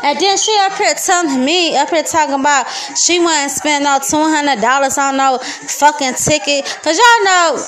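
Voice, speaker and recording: A woman's voice: high-pitched, moderate pace, hardly any pauses, a bit bright. A young woman with a Detroit accent, venting profanely and heatedly in a casual podcast monologue. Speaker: podcast host.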